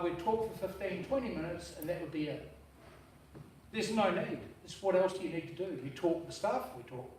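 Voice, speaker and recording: High-voiced man giving a blunt eulogy. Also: animated, moderate pace, long pauses, a little hiss or hum. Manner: blunt, casual storytelling with swearing and slang. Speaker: brother-in-law giving a eulogy. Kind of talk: informal eulogy at a memorial service. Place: memorial service venue. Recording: echoey room, heard from a distance.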